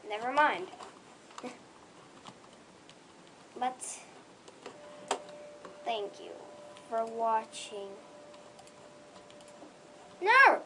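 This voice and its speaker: A young gaming creator commenting excitedly on their own play, with gushing, squealing bursts of excitement. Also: mid-range voice, drawn-out words, pauses often, noisy background.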